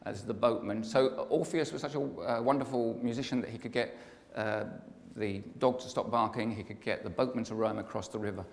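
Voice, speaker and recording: A man's voice: mid-range voice, a little fast, hardly any pauses. Chatty male comic poet in a reverberant hall. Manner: chatty, joking, draws in the audience. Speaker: comic poet giving a pre-concert talk. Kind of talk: live talk with sung poems. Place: concert hall before a live audience. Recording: long hall reverb with music.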